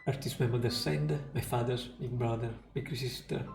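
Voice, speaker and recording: A man's voice: mid-range voice, fairly even intonation, normal speed, vocal fry, darkish tone, lightly acted. A man voicing a dying little girl who pleads tearfully with her family. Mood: tender. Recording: roomy echo, faint music.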